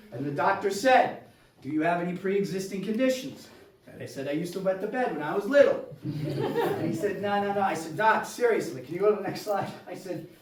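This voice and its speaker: A man doing solo stand-up storytelling on a theater stage, animated and acting out his family, sometimes shouting punchlines. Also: high-pitched, a little hiss or hum. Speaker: stand-up comedian. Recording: echoey room, voice from far off.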